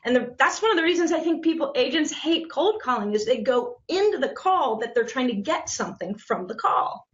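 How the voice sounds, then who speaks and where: Lively woman real estate agent, muffled audio. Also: high voice, a little fast, few pauses. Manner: animated, laughs often, acts out quotes. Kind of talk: casual podcast conversation.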